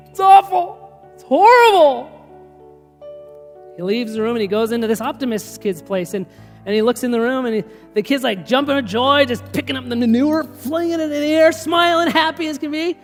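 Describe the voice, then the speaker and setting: A man preaching a sermon, spinning stories with lively energy and frequent laughter. His voice carries a long church-hall reverb, with faint music underneath. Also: very high-pitched. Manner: storytelling, animated, laughs often. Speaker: pastor.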